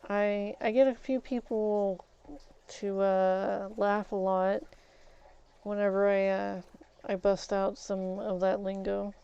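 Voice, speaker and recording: A woman streamer talks her way through a game in an unhurried, rambling way, frank and quick to curse mildly. Her voice is mellow and smooth, and the stream audio sounds a bit dull and lo-fi. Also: mid-range voice, flat delivery. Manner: rambling and candid, with mild swearing. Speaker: gaming streamer. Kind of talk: casual chat while playing a game.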